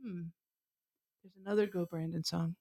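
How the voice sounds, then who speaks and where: A woman host with a fairly low voice and a wry, chatty delivery. She gives her opinions casually, as if talking to regular listeners. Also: steady tone, normal speed, gravelly, dark tone. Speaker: talk show host. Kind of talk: casual talk show chat.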